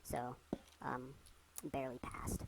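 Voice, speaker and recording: Sleep-deprived woman, very low creaky voice. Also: level tone, takes it slowly, heavy background noise. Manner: rambling, talks to herself, restless. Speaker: gamer. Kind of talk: casual gameplay commentary.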